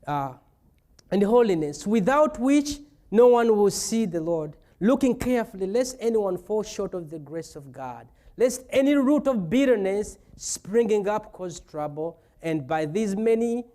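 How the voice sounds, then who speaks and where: A man's voice: high-pitched, warm tone. A man preaching a sermon as pastor, retelling a scripture story with playful asides.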